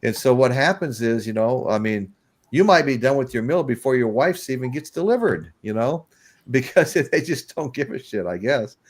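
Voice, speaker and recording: A man's voice: medium pitch, expressive, moderate pace. A middle-aged man hosting a casual live-stream chat, a rambling storyteller who laughs often. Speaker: host.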